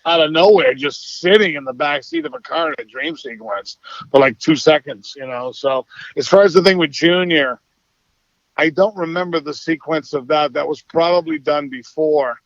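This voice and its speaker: A middle-aged man with a Boston accent, a guest actor telling stories in a relaxed, easygoing interview chat. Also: on the high side, normal speed, gravelly, no echo. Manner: easygoing, relaxed storytelling with soft laughs. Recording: slightly dull, dry podcast audio.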